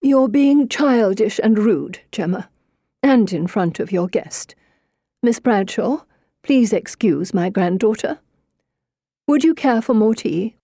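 A woman's voice: medium pitch, animated, slow pace, warm tone, no echo, clean studio sound, voice pushed up. A woman doing a prim, stern old grandmother. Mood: reproving. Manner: prim, reproving.

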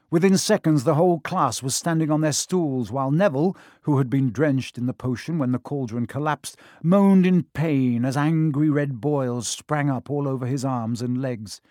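A man's voice: mid-range voice, a little mellow, dry recording. Male storybook narrator, dry and close. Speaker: audiobook narrator.

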